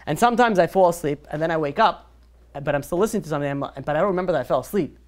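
A man who is a rabbi, telling a story in a lively sermon to a group, full of "you know" fillers and restarts. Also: a little high, very fast, a little hiss or hum.

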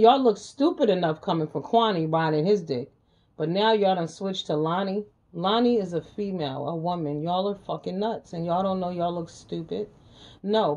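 Low mellow-voiced woman ranting. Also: highs cut off. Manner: profane, confrontational, scolding; repeats lines for emphasis. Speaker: channel host. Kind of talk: ranting commentary vlog.

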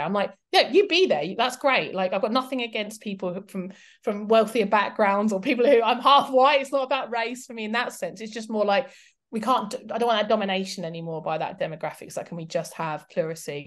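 Woman, interview guest, chatty and candid, self-deprecating, lots of "like" and "you know". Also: medium pitch. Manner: candid, animated and self-mocking, with lots of fillers. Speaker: guest historian and documentary presenter. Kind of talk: casual interview chat.

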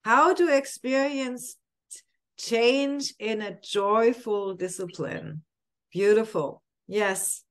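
Woman co-host, high voice, unhurried, effusive and appreciative in spiritual talk. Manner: effusive and appreciative, repeats phrases. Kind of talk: spiritual conversation.

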